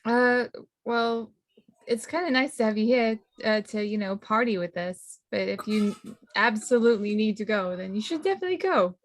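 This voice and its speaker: A woman's voice: fairly high pitch, lively intonation, normal speed, dry recording. A woman playing a tabletop game, chatting playfully and giggling often. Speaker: player. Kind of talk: casual in-character role-play.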